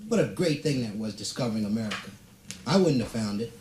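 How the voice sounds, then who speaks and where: A man doing stand-up comedy, telling a story with playful, deadpan asides and drawn-out punchlines. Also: on the low side, very noisy. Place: stage before a live audience. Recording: roomy live stage recording, audience laughter.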